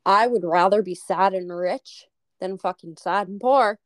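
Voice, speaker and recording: A young woman co-hosting a podcast over a remote call, animated and swearing freely in casual chat. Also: medium pitch, measured pace, no echo. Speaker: podcast co-host.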